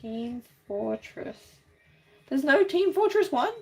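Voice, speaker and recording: A woman's voice: high voice, big pitch swings, slow pace, gravelly. A woman chatting casually on a livestream while drawing, rambling with many fillers and easy laughs. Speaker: streamer.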